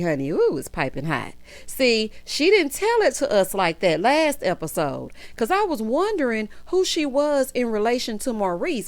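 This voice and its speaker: A woman giving sassy, gossipy casual commentary as she recaps a reality show, laughing loudly. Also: on the high side.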